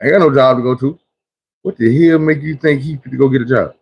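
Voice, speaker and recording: Blunt, husky-voiced man preaching. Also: medium pitch, quick pace, a little mellow. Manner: blunt, preachy street talk, acts out quotes. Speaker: livestream host. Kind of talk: casual livestream monologue.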